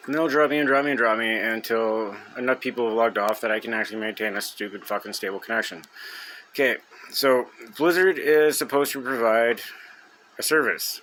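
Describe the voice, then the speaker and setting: Young man, angry gamer rant, constant swearing, mid-pitched voice, faint room hum behind. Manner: furious, heavy swearing, loud outbursts. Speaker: gamer venting on video.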